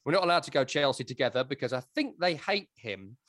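A man's voice: medium pitch, sing-song, fast, fairly bright tone, no room sound. A man hosting a podcast, telling stories in a chatty, wry way. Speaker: podcast host. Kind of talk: casual podcast chat.

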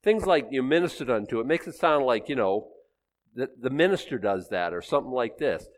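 Lively older man preaching casually. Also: medium pitch, brisk. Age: 60s. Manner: chatty, asks the congregation questions, self-teasing. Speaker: pastor. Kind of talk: conversational sermon.

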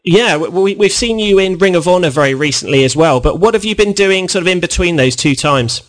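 A man's voice: high voice, lively intonation, fairly quick. A man hosting a wrestling radio show, upbeat and full of fillers as he interviews a guest. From United Kingdom. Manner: upbeat, many uh and you know fillers.

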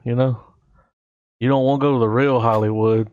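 A man's voice: medium pitch, steady tone, fairly quick, darkish tone, dry recording, dull audio. A man telling a crude story in casual chat, rambling and quoting people as he goes.

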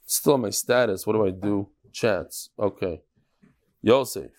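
Telling stories and cracking jokes, a man teaches his daily Talmud class, sprinkling Hebrew and Yiddish words through his English. His voice is on the low side, at a measured pace.

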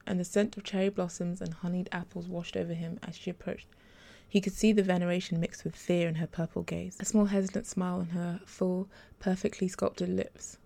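Woman reading her romance story aloud, dark mellow voice, bit of gravel. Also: fairly low pitch. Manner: steady, unhurried reading. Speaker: podcast storyteller.

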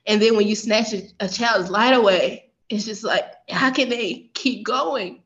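A woman's voice: a little high, a little slow, fairly bright tone. Heartfelt woman co-host, slightly muffled. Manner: heartfelt, emotional, many fillers like "like" and "um". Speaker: podcast co-host, former teacher. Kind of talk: casual podcast conversation. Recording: dull, slightly lo-fi sound.

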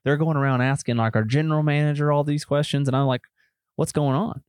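A man's voice: a little high, steady tone, fast, a little mellow, clear, resonant tone, no echo, clean studio sound. A man chatting on a podcast, telling rambling jokey stories. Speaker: podcast co-host. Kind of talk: casual chat.

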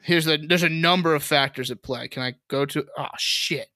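Bright-voiced man, podcast co-host. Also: fairly high pitch, normal speed, dry recording, studio quality. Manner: reads headlines aloud, laughs often. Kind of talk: casual podcast banter.

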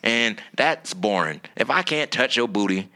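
A man's voice: mid-range voice, animated, unhurried, pushed and bright. A young man co-hosting a casual podcast chat, goofy and self-mocking, laughing often. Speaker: podcast co-host.

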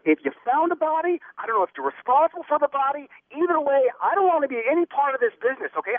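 A flustered man stammers and repeats himself over a tinny phone line. His voice sits very high and jumps around a lot in pitch. The sound is dry and close. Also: no echo. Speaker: prank call target, store worker. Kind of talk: heated phone conversation. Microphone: telephone.

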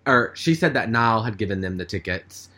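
Chatty man, lowish voice. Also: animated, moderate pace, sharp tone. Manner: rambling, chatty, with many fillers. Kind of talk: casual storytelling chat.

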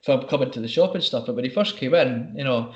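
A man's voice: medium pitch, quick pace, echoey room, muffled recording. A Scottish man in casual chat, telling stories with slang and laughter.

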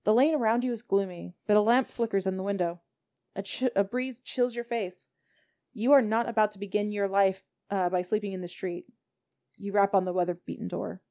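A woman's voice: medium pitch, steady tone, fairly quick, mellow. A woman narrating a tabletop game as game master, reading steadily with small stumbles.

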